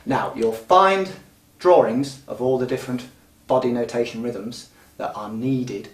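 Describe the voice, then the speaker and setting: A man's voice: medium pitch, unhurried. Patient male music teacher in a roomy space. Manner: patient, clear step-by-step explaining. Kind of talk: instructional explanation. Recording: roomy sound from a distant mic.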